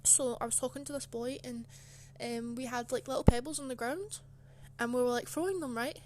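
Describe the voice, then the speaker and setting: A young woman telling a story straight to camera in a chatty, aggrieved way, her sentences loaded with fillers. Her voice sits a little high for a woman. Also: a little fast. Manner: chatty and indignant, full of "like" fillers. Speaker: channel host. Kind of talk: casual storytime.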